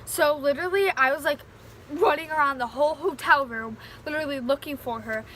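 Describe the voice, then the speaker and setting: A young woman vlogger with a high, bright, ringing voice tells a casual storytime. She rambles and piles fillers into every sentence as the story tumbles out. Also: fairly quick, a little hiss or hum. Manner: rambling, filler-heavy retelling with many "like"s.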